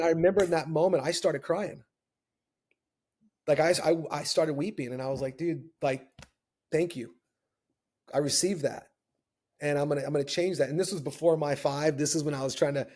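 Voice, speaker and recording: A man with a slightly high voice talks as a podcast guest. He tells candid stories with animated, earnest energy and slips into the voices of the people he quotes. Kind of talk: candid storytelling conversation.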